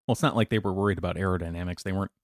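A man's voice: low-pitched, fairly even intonation. A man co-hosting a casual podcast, quipping and laughing along. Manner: jokey, laughs often, quick quips. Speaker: podcast co-host. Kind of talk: casual chat.

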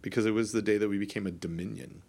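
A man's voice: lowish voice, steady tone, racing, gravelly, a little mellow, husky. A middle-aged Canadian man co-hosting a podcast in casual chat, rambling with many restarts and fillers. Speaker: podcast co-host.

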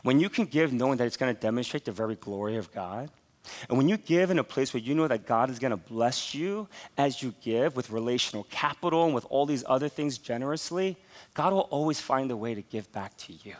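A pastor in his forties preaching a sermon, telling stories with animated, laughing asides. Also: medium pitch, a little fast.

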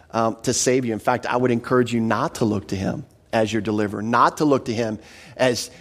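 A pastor preaching an expository sermon, earnest and emphatic, often repeating a word as he starts a phrase. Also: mid-range voice.

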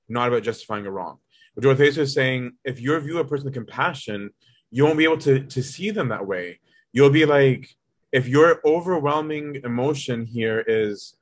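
A man, a monk, teaching from a spiritual text in a casual, conversational way, often checking in with his listeners. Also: medium pitch. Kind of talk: casual spoken lesson.

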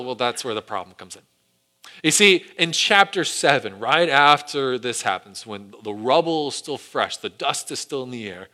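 A male preacher delivers a sermon in a bright, ringing voice, pitched a bit high for a man. He tells the story with animation and slips into acted quotes. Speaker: pastor.

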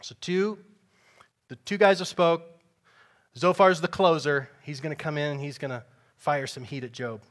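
Emphatic, slightly high-voiced male preacher. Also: fairly even intonation, normal speed, pauses often. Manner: conversational and emphatic, with sarcastic asides. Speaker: pastor. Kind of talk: preaching a sermon. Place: church before a congregation.

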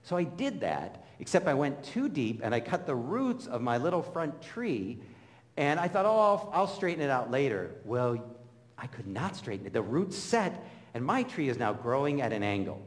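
A man's voice: medium pitch, moderate pace. A middle-aged man preaching a sermon, telling stories and acting out the voices of people he quotes. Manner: storytelling, animated, acts out quoted voices. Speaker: pastor. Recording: long hall reverb.

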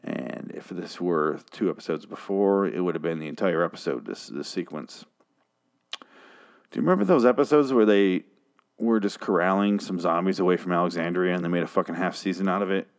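A show recap host with a low voice casually goes over a TV episode, speaking a little fast. He rambles with lots of asides and restarts, sounding sarcastic and profane.

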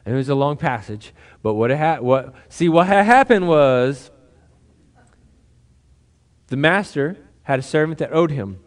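A man's voice: fairly high pitch, animated, measured pace, pauses often. A man preaching a sermon as a pastor, talking casually and conversationally, with asides and restarts.

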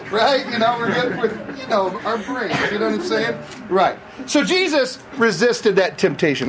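A man's voice: very high-pitched, expressive, normal speed, distant mic, a loud crowd, rough recording. A man preaching a conversational sermon, asking the audience questions as he goes. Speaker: campus pastor. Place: room with seated audience.

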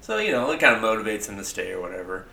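A young man talks in a loose, profane, rambling way, leaning on "like" and acting out quoted lines. His voice sits a little low but has a bright, forceful edge. The room around him is echoey. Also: sing-song, very fast, gravelly. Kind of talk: casual chat pitching a comic story.

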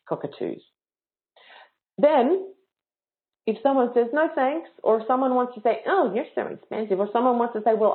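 Woman coaching over a tinny line. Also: a little high. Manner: casual, playful, frank, teasing. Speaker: yoga business coach. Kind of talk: live online workshop talk. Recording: tinny phone-like sound.

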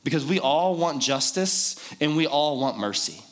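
A man's voice: on the high side, expressive, normal speed. Guy preaching, talks like he's chatting with the room, jokes around then hammers the point over and over. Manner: conversational and joking, with emphatic repetition. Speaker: pastor. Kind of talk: sermon.

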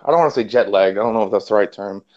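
A man with a lively, profane, laughing way of talking, telling a casual story on a podcast and acting out what others said. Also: fairly low pitch, very fast. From Canada. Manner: animated, profane, laughs often, acts out quotes. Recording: dull lo-fi sound.

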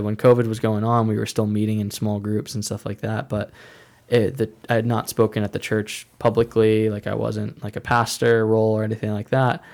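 Young guy w a lowish gravelly voice rambling thru his faith story, lots of "like". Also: darkish tone. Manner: casual, rambling, heavy use of "like" and restarts. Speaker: speaker sharing a faith testimony. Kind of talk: personal testimony storytelling.

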